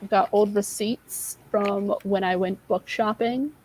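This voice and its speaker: She's a livestream co-host in her twenties, chatting casually, openly, and self-deprecatingly, frequently losing her thread. She speaks at a measured pace in a steady, medium-pitched, slightly mellow voice over a rough recording with a little hiss or hum.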